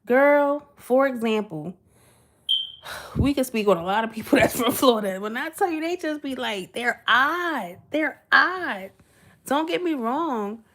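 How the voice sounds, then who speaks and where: A livestream host with a sweet, slightly high, animated voice chats casually with her viewers at normal speed. She giggles a lot, stays chatty, and responds directly to the chat.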